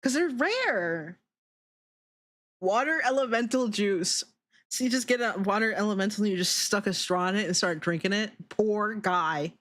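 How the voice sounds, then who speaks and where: A young adult woman hosts a laid-back live stream, riffing with chat and reading out messages. She giggles often and swears freely, her voice relaxed and playful. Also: medium pitch, normal speed. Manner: giggly, profane, reacting to chat.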